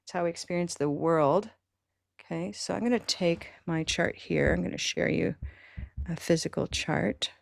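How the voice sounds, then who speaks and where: A woman's voice: fairly low pitch, normal speed, gravelly, dry recording. A woman leading an online teacher training session, upbeat and encouraging as she demonstrates with objects over a video call. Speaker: workshop presenter.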